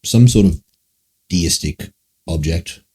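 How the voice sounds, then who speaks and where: A man's voice: sits low, takes it slowly, mellow, slightly rough. A man streaming live and answering chat questions in a rambling, musing way, swearing often. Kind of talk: casual livestream Q&A.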